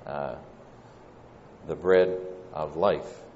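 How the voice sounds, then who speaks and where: A man with a Southern American accent preaching a sermon, measured and pausing, often saying "uh". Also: extremely low pitch, steady tone, darkish tone, slight background noise. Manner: measured, pausing delivery with frequent "uh" fillers. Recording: dull lo-fi church recording with long reverb.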